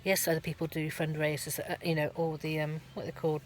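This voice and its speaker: A woman's voice: sits low, little pitch movement, quick pace. A middle-aged woman, giving a rambling, chatty vlog update from her van at a garage, full of ums and restarts. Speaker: van life vlogger.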